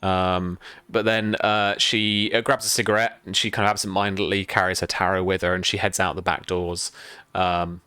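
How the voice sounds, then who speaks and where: A man's voice: low voice, flat delivery, moderate pace, sharp tone, smooth, dry recording. A man as game master of a tabletop game, rambling with many fillers and restarts. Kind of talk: narrating a tabletop game on a stream.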